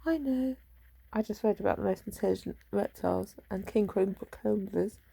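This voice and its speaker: A woman's voice: mid-range voice, moderate pace, gravelly, dark tone, husky, no echo. A woman rambling casually to herself in a vlog, muttering and trailing off. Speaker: vlogger.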